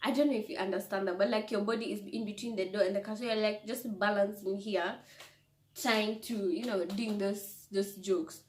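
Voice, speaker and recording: A young woman vlogger telling a story in an animated, breathless way, laughing often and restarting her sentences. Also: medium pitch, normal speed. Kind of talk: storytime vlog. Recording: echoey room.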